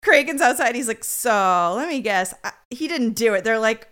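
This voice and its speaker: Sweary, lively woman recapping a show. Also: on the high side. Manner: sweary, sarcastic, acts out characters in quick voices. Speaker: podcast co-host. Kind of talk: casual comedic recap.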